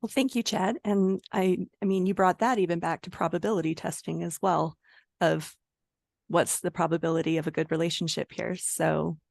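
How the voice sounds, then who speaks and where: A woman's voice: lowish voice, steady tone, moderate pace, vocal fry, darkish tone, no echo, studio quality. A woman hosting a webinar, thanking her guest in a hesitant way with many fillers. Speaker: host. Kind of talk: closing remarks to a guest.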